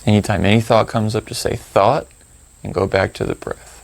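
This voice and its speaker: Male meditation guide, low and gravelly, slow gentle instruction, dry close sound. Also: little pitch movement.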